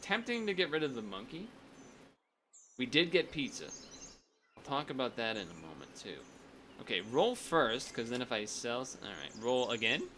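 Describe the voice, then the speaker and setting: A man's voice: mid-range voice, very animated, normal speed, bright, forceful tone, a little hiss or hum. A man streaming a strategy game, chatting casually and thinking aloud, often restarting his sentences. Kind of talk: casual gameplay commentary.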